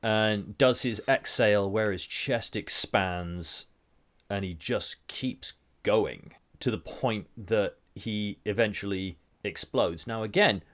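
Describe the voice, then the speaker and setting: A young man casually talking through film scenes on a podcast, chatty with quick asides. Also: fairly low pitch, a bit bright. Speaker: podcast host.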